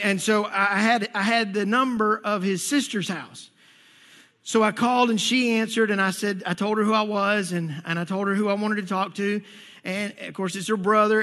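High, bright-voiced pastor in a reverberant hall. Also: male voice. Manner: storytelling with stammered restarts and acted-out quotes. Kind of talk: sermon. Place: church sanctuary. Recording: long reverb of a church hall.

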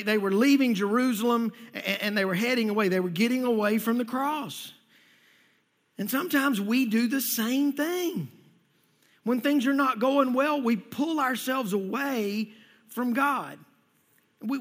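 A man's voice: extremely high pitch, fairly bright tone, big-room sound. A male pastor preaching a sermon in a church, conversational, repeating words and asking the congregation questions.

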